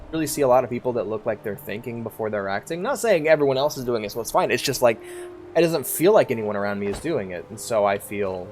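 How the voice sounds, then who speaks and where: A stoned man streaming a game, rambling candidly about his life and swearing freely into a desk mic. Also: lowish voice. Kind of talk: casual rambling monologue over gameplay.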